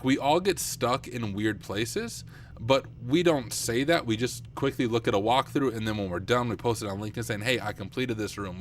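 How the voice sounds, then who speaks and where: A young man streaming live at night and thinking aloud as he works, chatty and self-deprecating with viewers, his voice getting rough. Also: mid-range voice, a little hiss or hum. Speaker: streamer, penetration tester. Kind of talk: casual live-stream talk while working. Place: home computer room at night.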